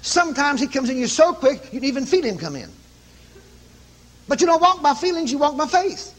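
A man preaching, telling a story with animated, commanding calls. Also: extremely high pitch, fairly quick. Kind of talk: sermon storytelling.

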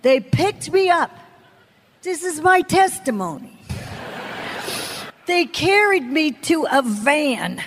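A woman's voice: sits high, sing-song, takes it slowly, pauses often. A woman preaching a sermon as a personal testimony, telling her story dramatically and acting out the people she quotes. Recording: long hall reverb.

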